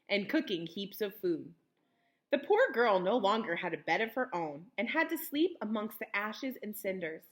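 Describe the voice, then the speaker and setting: A young woman teacher reading a picture book aloud to children, pausing to explain words in simple terms. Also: mid-range voice, a bit bright.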